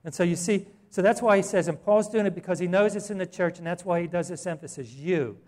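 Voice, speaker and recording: A middle-aged man preaching a sermon in a slightly higher voice. He talks to the congregation conversationally, then presses his points with fervent emphasis. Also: quick pace, a little mellow. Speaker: pastor.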